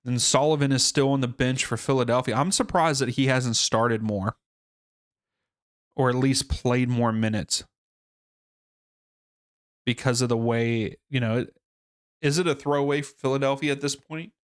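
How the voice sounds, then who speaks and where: A man's voice: medium pitch, steady tone, normal speed, pauses often, smooth, no echo, studio quality. A man hosting a live soccer watchalong stream, chatting casually and thinking aloud with fillers and restarts. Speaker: livestream watchalong host.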